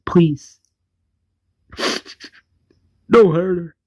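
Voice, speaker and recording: A man's voice: high-pitched, very slow, mellow, lo-fi sound, voice pushed up, full character voice. A man doing a begging villainous father. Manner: begging, desperate. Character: middle-aged male villain, pleading father.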